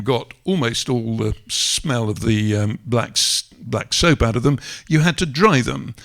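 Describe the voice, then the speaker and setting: A man giving a wry, measured talk on stage with slides, pausing often to find his words. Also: medium pitch, creaky, fairly bright tone. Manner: wry and measured, with frequent hesitations. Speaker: guest speaker at a public talk. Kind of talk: lecture with slides. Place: live event venue.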